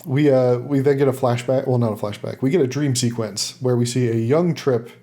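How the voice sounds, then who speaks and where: A man with a mellow, darker voice talks through an episode recap in relaxed podcast chat. He leans on fillers like "uh" and laughs easily as he goes. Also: mid-range voice, fairly quick. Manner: recaps plot loosely with many fillers and laughs. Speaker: podcast host summarizing an episode.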